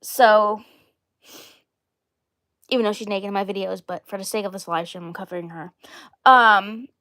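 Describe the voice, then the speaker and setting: A woman's voice: mid-range voice, fairly even intonation, normal speed, bright, forceful tone. A woman hosting her own live stream in a casual chat, rambling and repeating herself often. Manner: rambling and repetitive. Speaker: channel host.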